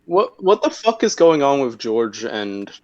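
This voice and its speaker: A man's voice: mid-range voice, sing-song, a little slow. A young man co-hosting a casual podcast chat, laid-back and agreeable, laughing often. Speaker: podcast co-host. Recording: dull lo-fi mic.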